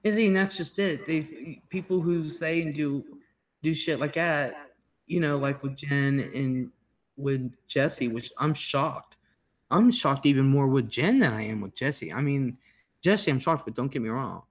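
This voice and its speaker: Calm, reassuring male stream host. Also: mid-range voice, measured pace. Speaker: livestream host. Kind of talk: casual supportive chat.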